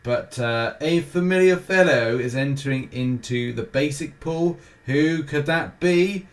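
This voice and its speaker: A man's voice: a little high, unhurried. A British man talks through a game's weekly schedule in a loose, rambling way. He keeps breaking off for jokey, self-mocking asides. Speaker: gaming show host. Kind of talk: casual weekly game schedule rundown.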